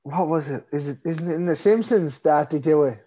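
A man co-hosting a podcast, chatting casually about a film, chipping in with quick agreements, laughs and favourite moments. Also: on the high side, dark tone, breathy edge. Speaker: podcast co-host. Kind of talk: casual film recap chat. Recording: dull lo-fi sound.

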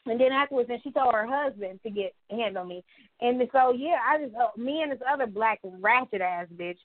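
A young woman co-hosting a podcast, telling stories in a casual, animated way with plenty of swearing and acted-out quotes. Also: a little high, fairly quick, dry recording. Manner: animated storytelling, swears freely, acts out quotes. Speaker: podcast co-host. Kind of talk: casual chat. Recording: dry, phone-like sound.

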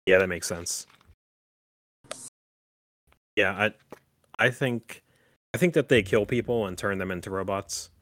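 A man with a somewhat low voice chats through a horror film plot as a podcast host, rambling with plenty of fillers and restarts. The recording is dry and close, with no room sound. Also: moderate pace, a bit bright, no echo. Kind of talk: casual movie chat.

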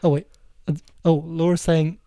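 A man's voice: fairly high pitch, flat delivery, mellow. A man co-hosting a casual film podcast, teasing his co-host as he reads out quiz questions. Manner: teasing, quizzes his co-host with quick asides.

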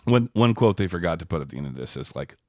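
Low-voiced guy rambling thru a story on a podcast, lots of ups and downs in his voice. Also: sing-song, fast talker, dry recording, studio quality. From Austin, Texas area. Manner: rambling storyteller, wry asides. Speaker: podcast co-host. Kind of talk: casual chat.

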